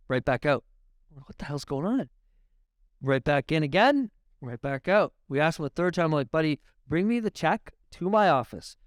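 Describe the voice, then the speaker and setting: Man, podcast guest, smooth clear voice, dry close sound, animated storyteller, swears a lot. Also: a little high, no room sound. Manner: animated, profane, laughing storyteller. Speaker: realtor guest. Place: podcast studio.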